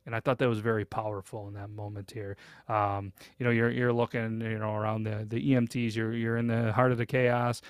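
A man's voice: on the low side, flat delivery, fairly quick, smooth, no echo. A young man hosting a podcast, retelling a story in a casual, rambling way full of fillers and hesitations. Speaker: podcast host.

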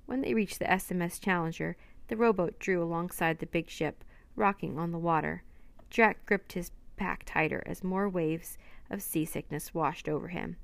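A woman reading a children's adventure chapter book aloud, in steady narration with light character voices. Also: lowish voice, moderate pace, gravelly, dry recording. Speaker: storyteller.

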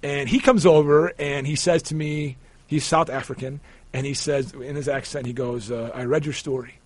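A man being interviewed, telling a personal story in a rambling, animated way with many restarts. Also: fairly high pitch, normal speed, dry recording. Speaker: guest, sportswriter.

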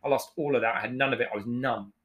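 A man's voice: medium pitch, steady tone, rapid-fire, a bit bright. A man in his forties, a chef guest on a podcast, telling his story in a frank, emotionally open way, swearing freely. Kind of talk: candid conversational storytelling.

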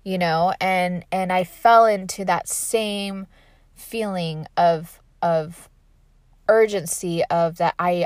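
A woman's voice: fairly low pitch, slow pace, dry recording, studio quality. A woman giving a casual motivational talk, candid and rambling, with lots of "like" and "right?" fillers.

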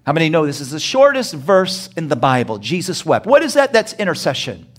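A man's voice: fairly high pitch, sing-song, fairly quick. A male pastor preaching a sermon, asking the congregation rhetorical questions and acting out short dialogue scenes with humor.

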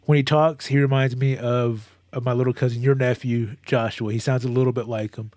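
A man's voice: medium pitch, a little fast, no room sound. Guy rambling through a sweet story, restarts a lot, pretty dry sound. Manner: animated storyteller, many restarts, gets emotional. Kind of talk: casual chat.

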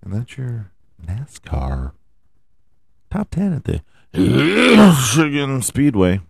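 A man's voice: mid-range voice, huge pitch swings, slow pace, gravelly, breathy edge, no echo, studio quality. A man hosting a podcast, giving rambling, profane, joking commentary on his own. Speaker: podcast host. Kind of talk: casual solo commentary.

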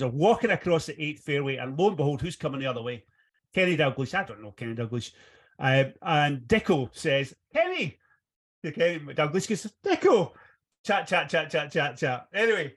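Man telling a rambling story, husky. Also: fairly high pitch, a bit bright. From Scotland. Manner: rambling anecdotal storyteller, laughs often. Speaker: guest golf journalist. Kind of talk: casual podcast chat.

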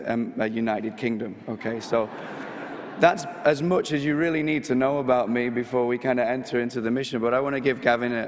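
A man from England with a Manchester accent, a missionary speaking at a parish mission, his voice hoarse from a recent illness, joking as he preaches. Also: medium pitch, long reverb tail, slight background noise. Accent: Mancunian English. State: hoarse, getting over illness. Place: church.

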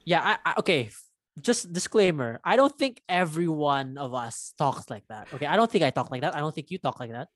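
A man's voice: fairly high pitch, lively intonation, brisk, a bit bright, no echo, studio quality. A man from the Philippines, co-hosting a podcast in casual chat, rambling with lots of fillers and restarts. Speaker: podcast co-host.

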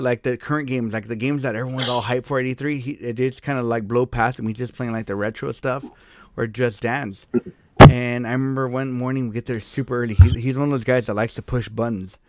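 Casual male podcast host, mid-pitch, dry close sound, profane and rambling. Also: dry recording. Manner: rambling storyteller, swears freely, frequent restarts. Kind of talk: casual chat.

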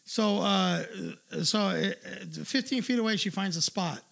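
A man's voice: sits high, lively intonation, unhurried. A man hosting a livestream, telling a crude story in a profane, ranting casual way. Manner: profane, ranting, loud asides. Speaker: livestream host.

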